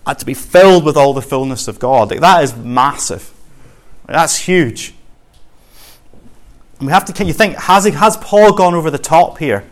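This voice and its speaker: A man with a Scottish accent preaching a sermon in an earnest, conversational way, using homely examples. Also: a little high.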